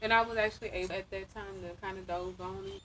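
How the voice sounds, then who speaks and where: A woman guest telling a story in casual chat outdoors, animated and chatty. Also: mid-range voice, quick pace, slight background noise, rough recording. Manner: animated storytelling, lively quoted asides.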